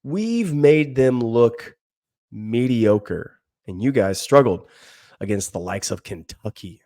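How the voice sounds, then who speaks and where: A man's voice: medium pitch, expressive, takes it slowly, dark tone, no echo, clean studio sound. A man mimicking a boastful football fan. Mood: mocking. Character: boastful male football fan, chest-puffing.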